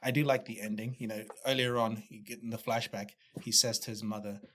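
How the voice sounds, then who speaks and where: A man's voice: lowish voice, steady tone, a little fast, fairly bright tone, a little hiss or hum. A man co-hosting a podcast review, chatting casually, laughing often and acting out lines. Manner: laughs often, acts out quotes. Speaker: podcast co-host. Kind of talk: casual chat.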